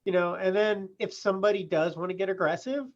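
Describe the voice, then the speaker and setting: In a relaxed interview, this process server and business owner from California recounts work stories plainly, leaning on "you know" a lot. He speaks fairly quickly in a high voice with fairly even intonation, captured on muffled, low-fidelity remote audio.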